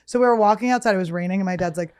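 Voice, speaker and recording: A woman in her thirties co-hosting a podcast, telling crude, animated stories in casual chat. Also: medium pitch, very fast, clear, resonant tone, dry recording, studio quality. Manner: animated, crude jokey storytelling. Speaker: podcast co-host.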